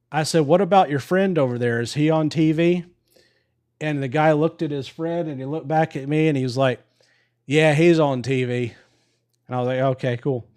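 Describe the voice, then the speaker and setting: On a live stream microphone, a married adult man hosts a stream and casually tells a story, swearing and laughing along the way. His voice is slightly high and a touch mellow.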